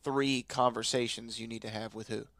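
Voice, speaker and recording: A podcast host from Houston, Texas chats casually, sounding nasal from allergies as he playfully teases his co-host and trails off into mumbles. His medium-pitched voice is flat, fairly bright and touched with vocal fry, at a normal pace. There's no room sound.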